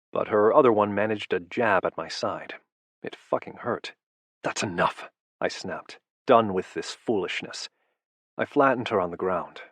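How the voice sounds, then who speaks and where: A man reads a first-person audiobook in a low, intimate, measured voice. His tone is husky and sits low. The sound is dry and close, with no room around it. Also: no room sound. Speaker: audiobook narrator.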